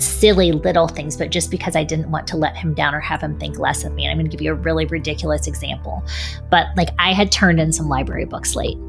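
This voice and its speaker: Earnest woman with a gravelly low voice. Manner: earnest, reflective, with soft laughs. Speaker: author and speaker. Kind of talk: personal faith testimony.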